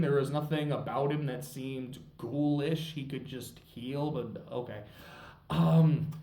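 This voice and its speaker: A man's voice: mid-range voice, darkish tone. Rambling young man with a roomy echo. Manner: rambling, laughing, lots of filler and cursing. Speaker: show reviewer. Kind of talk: casual review monologue. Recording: roomy echo, mic at a distance.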